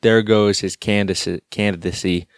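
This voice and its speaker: A man's voice: lowish voice, steady tone, normal speed, no echo. A man co-hosting a casual sports talk show, ranting with dry sarcastic jokes. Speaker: co-host.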